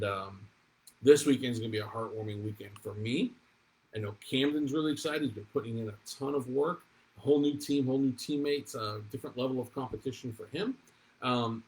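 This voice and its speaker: A man's voice: mid-range voice, poor audio. A man from Maine in his forties, hosting a casual chat show and telling stories with many ums and restarts. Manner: rambling, warm storytelling with many ums and restarts. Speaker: real estate broker and show host. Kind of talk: casual morning chat to viewers.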